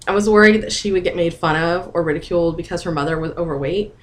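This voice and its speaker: A woman's voice: lowish voice, quick pace. A woman in her thirties chatting candidly to her camera in a casual vlog, open and emotional as she talks. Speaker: vlogger.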